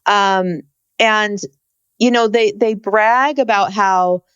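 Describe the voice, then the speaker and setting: Woman co-host, middle pitch, dry close sound, blunt and worried. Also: slow pace, fairly bright tone, clear, resonant tone, no room sound, dull audio. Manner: blunt, exasperated, concerned. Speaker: podcast co-host. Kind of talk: casual podcast chat.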